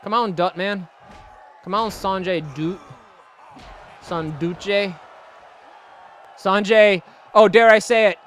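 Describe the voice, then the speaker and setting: A young man hosting a gaming video, giving excitable, jokey let's-play commentary and laughing often. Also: high voice, takes it slowly, pauses often, soft background music, some chatter behind. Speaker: gaming channel host.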